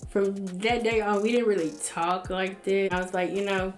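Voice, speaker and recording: A woman's voice: medium pitch, steady tone, moderate pace, echoey room, soft background music. A young woman casually telling a personal story to her viewers, blunt and profane, acting out what others said.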